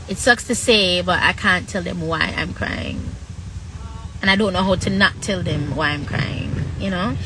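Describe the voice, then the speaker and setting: A woman talks candidly to her livestream viewers in a bright, sharp voice. She speaks frankly, stopping and restarting, and draws out her words with long pauses. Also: mid-range voice, slight background noise, low-quality recording. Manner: frank, halting, drawn-out pauses. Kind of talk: candid personal talk.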